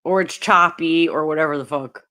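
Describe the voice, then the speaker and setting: A woman's voice: deep voice, moderate pace, pushed and bright. A woman hosting a casual livestream, chatting with viewers and her dogs, swearing often and breaking into laughter. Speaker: livestream host.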